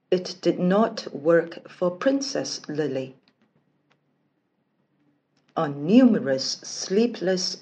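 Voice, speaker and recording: A woman reading a bedtime fairy tale aloud in slow, expressive storybook narration. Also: lowish voice.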